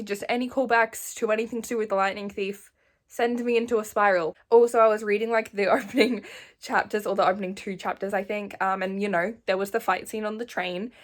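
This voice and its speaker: A woman's voice: medium pitch, a bit bright. Casting note: young woman, late teens, gushy emotional vlogger, laughs a lot. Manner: emotional, gushing, laughs often. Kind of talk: casual reading vlog chat. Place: at home.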